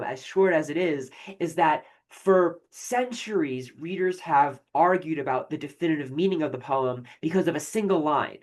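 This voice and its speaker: A professor giving a recorded literature lecture, explaining with frequent fillers and restarts and reading poetry aloud slowly. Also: medium pitch.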